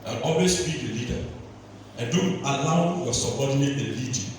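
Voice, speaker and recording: Pastor preaching in an echoey hall. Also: male voice, mid-range voice, animated, moderate pace, slight background noise. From Sierra Leone. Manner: preaching with rhetorical questions, voice climbing to shouts. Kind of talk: sermon. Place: large church hall. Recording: echoey church hall, distant mic.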